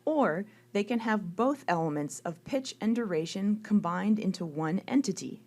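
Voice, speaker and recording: A woman reading a scripted music lecture, explaining terms clearly and counting beats aloud. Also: medium pitch, expressive, normal speed, darkish tone.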